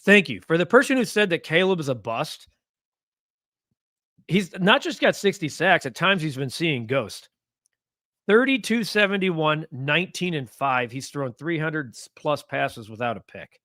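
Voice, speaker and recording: A man's voice: on the high side, unhurried, no echo, clean studio sound. A man hosting a casual live sports talk stream, reading comments and getting heated as he rants. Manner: animated, gets heated and rants.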